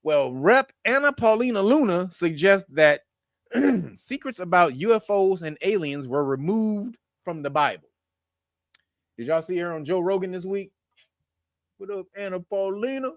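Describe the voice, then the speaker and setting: Animated, profane man reading news. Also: sits high, no echo, studio quality. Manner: profane, laughing, mocking asides between read headlines. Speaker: show host reading news. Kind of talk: casual news commentary.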